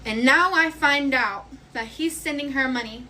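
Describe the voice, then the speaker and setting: A young woman with a high voice tells a storytime in a frank, rambling, profane way. She speaks casually while cooking at home. A loud sizzling pan and stirring sound behind her. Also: moderate pace, slight background noise, rough recording.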